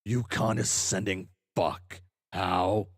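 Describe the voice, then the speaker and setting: A man reading aloud as a furious, foul-mouthed young male troll, ranting and swearing at himself in shouted tirades. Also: deep voice, fairly even intonation, takes it slowly, no echo, studio quality, heavily acted.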